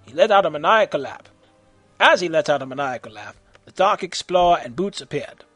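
Husky high-voiced male narrator. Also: expressive, fairly quick, a bit bright, no echo, soft background music. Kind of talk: amateur audio story narration.

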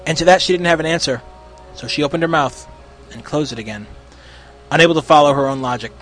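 A man reads a story aloud with an expressive, steady delivery, his voice sitting a little high. Faint music plays quietly underneath. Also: quick pace. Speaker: narrator. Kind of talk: storybook reading of fan fiction.

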